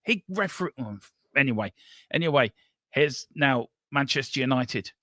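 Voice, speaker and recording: A man hosting a football watchalong, calling the play live with excitable banter. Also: mid-range voice, moderate pace, dry recording, clean studio sound. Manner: excitable, running commentary with banter. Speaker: watchalong host.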